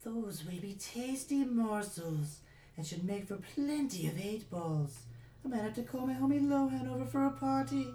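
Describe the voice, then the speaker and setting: Brief: woman voicing a high, crude gangster witch for a parody; echoey, music under. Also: animated, moderate pace, background noise, lightly acted. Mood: menacing. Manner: crude, menacing slang, bossy shouting. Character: wicked old female witch, a crude street-tough drug dealer. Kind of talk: comedic parody storytelling.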